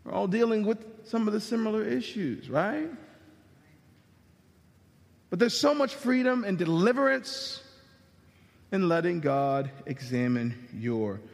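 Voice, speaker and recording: High-pitched man preaching in a hall with long reverb, animated and casual. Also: measured pace, creaky, long pauses. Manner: animated, conversational, slangy. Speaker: pastor. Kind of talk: sermon.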